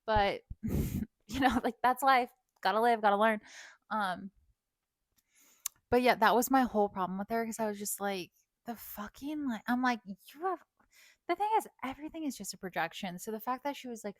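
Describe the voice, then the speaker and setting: A woman's voice: medium pitch, no echo. A woman in her thirties telling a storytime rant in casual talk, full of fillers, swearing and laughs. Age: 30s. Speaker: vlogger.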